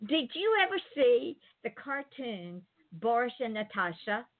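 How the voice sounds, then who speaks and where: A woman's voice: a little high, sing-song, measured pace. A woman hosting an interview in casual chat, telling stories in a rambling, digressive way. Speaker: interview host. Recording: tinny phone-like line.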